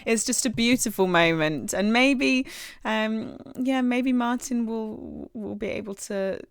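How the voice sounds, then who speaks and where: A woman's voice: on the high side, unhurried, clean tone, dry recording, clean studio sound. A woman co-hosting a podcast, chatting casually and laughing often as she explains. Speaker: podcast co-host.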